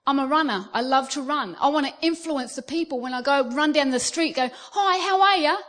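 A middle-aged Australian woman with a high voice delivers a sermon. She tells stories with energy and slips into the voices of the people she describes. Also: brisk. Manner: animated storytelling, acting out quoted voices. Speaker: preacher.

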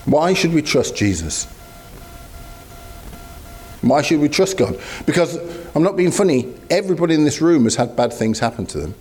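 A man's voice: fairly high pitch, sing-song, normal speed, long pauses, a little mellow, husky. A man preaching a sermon in a conversational, storytelling way with asides to the congregation.

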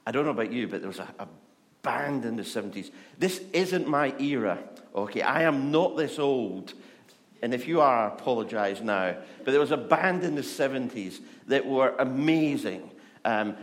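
A man preaching a conversational sermon, chatty and humorous, who often lowers his voice to a soft, hushed delivery.

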